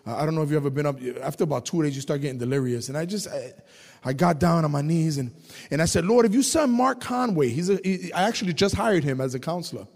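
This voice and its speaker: A man preaching a testimony sermon, telling his story with animated delivery and shouting at high points. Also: fast talker, big-room sound.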